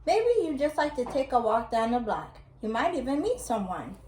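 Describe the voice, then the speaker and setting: Woman reading a soft gentle mom, high voice, roomy sound. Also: very animated, normal speed, a little hiss or hum. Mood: coaxing. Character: gentle caring mother. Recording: roomy echo.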